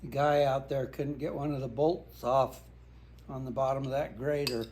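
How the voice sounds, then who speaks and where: An older man, a husband at home, chats casually in his kitchen while eating. His medium-pitched, slightly mellow voice is flat in delivery at normal speed, and he speaks plainly and matter-of-factly.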